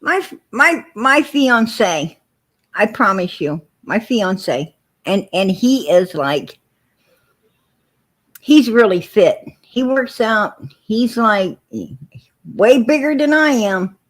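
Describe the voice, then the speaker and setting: A woman's voice: on the high side, animated, takes it slowly. A woman hosting a livestream, telling stories and arguing with viewers in a blunt, profane way. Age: adult with four kids. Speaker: livestream host. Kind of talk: casual livestream talk.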